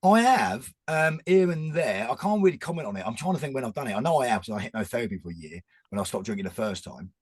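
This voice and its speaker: A man's voice: medium pitch, big pitch swings, fast talker, few pauses, slightly rough, no echo. A man, talking earnestly and rambling in a casual chat as a podcast guest. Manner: rambling, restarts often, earnest.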